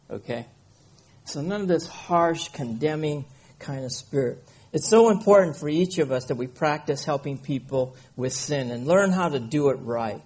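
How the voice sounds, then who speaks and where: A man with a slightly high, husky voice preaches a sermon. He talks in a relaxed, conversational way, reading scripture aloud and pausing to check that his listeners are following. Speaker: pastor.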